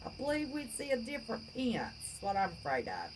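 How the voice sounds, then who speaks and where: Blunt, lively woman host. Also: on the high side, fairly quick, background noise. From West Virginia. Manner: blunt, folksy, outspoken ranting. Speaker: channel host. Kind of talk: livestream chat reading viewer comments.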